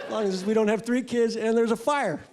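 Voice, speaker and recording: A male stand-up comedian doing a crude, deadpan, rambling set on a club stage into a handheld mic. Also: sits high, brisk. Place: comedy club stage before a live audience. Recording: live club with loud crowd noise.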